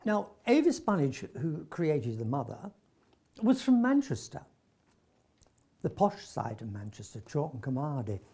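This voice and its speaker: Husky older man telling stories. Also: a little high, a little slow. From North London. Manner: animated storyteller, acts out dialogue, frequent stammered restarts. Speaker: veteran actor recalling his career. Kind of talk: anecdotal reminiscence.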